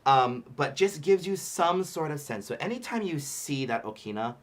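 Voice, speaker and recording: Chatty man teaching pronunciation slowly. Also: fairly high pitch, animated. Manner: explains patiently, sounds out Hawaiian words syllable by syllable; chatty with frequent fillers and laughter. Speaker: ukulele workshop instructor. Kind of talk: livestream music lesson.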